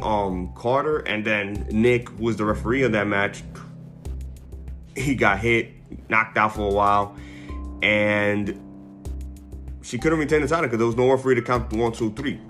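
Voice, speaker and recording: A man's voice: lowish voice, fairly bright tone. A man giving a casual, rambling recap, correcting himself often and laughing at his own slips. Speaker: wrestling fan reviewer. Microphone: headphones with mic.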